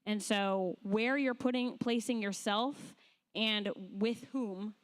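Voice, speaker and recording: A woman's voice: medium pitch, fairly even intonation, takes it slowly, clean tone. A woman on a church panel speaking frankly and reflectively. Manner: frank, reflective, self-aware.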